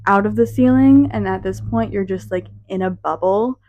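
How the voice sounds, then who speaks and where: A young woman co-host telling a story in an easygoing way, her mid-range voice recorded close and dry. She speaks with soft "um" and "like" fillers. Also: mid-range voice, moderate pace, dry recording, highs cut off. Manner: relaxed recounting with soft fillers. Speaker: podcast co-host. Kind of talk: casual chat.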